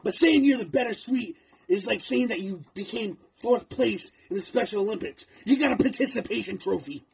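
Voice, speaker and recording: A man's voice: sits high, lively intonation, moderate pace, vocal fry, husky. A man cutting a menacing, profane wrestling promo, taunting his opponent. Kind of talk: trash-talking wrestling promo.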